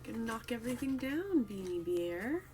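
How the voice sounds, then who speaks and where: A woman streaming from home, chatting casually and cooing at her pet cat in a sing-song baby voice, now and then dropping to a soft whisper. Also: a little high, big pitch swings, normal speed, music in the background. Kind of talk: casual live-stream chat. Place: home room while streaming.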